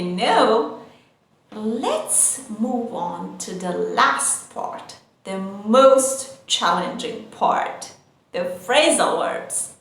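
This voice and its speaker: A woman teaching English vocabulary, repeating each word twice and checking in with the listener. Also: a little high. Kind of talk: slow, repetitive vocabulary lesson. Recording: very echoey room, faint noise.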